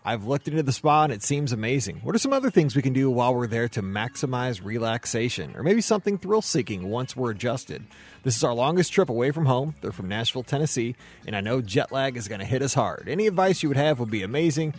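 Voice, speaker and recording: A podcast host with a Midwestern American accent talks fast in a medium-pitched voice with big pitch swings. He's enthusiastic, full of fillers and restarts, and reads listener emails aloud.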